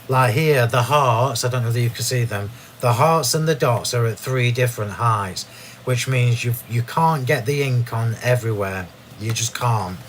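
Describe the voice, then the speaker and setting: Man, live craft demo host, chatty, laughs at himself, mid-pitched voice, faint hiss behind. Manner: chatty, self-laughing, restarts sentences. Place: home craft room.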